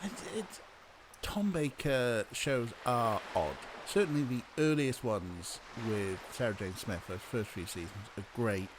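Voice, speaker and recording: A man's voice: mid-range voice, lively intonation, measured pace. A streamer talks loosely over gameplay, his voice rising and dipping with plenty of life. He swears freely and chuckles often, with a faint hiss behind him. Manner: chatty, swears, laughs at own jokes. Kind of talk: casual let's-play commentary.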